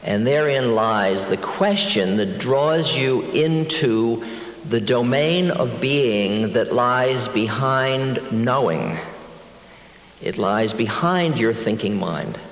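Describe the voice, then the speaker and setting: A man in his sixties telling a spiritual story to an audience, wry and reflective, slowing down to muse. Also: mid-range voice, expressive. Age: 60s. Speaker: spiritual teacher. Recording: echoey hall with long reverb.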